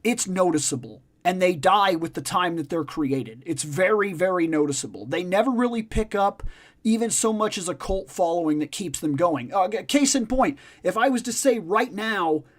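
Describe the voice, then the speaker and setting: A man's voice: sits high, expressive, moderate pace. Emphatic, swearing man ranting casually. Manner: emphatic, profane, repeats points for stress. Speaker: podcast host. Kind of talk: casual discussion chat.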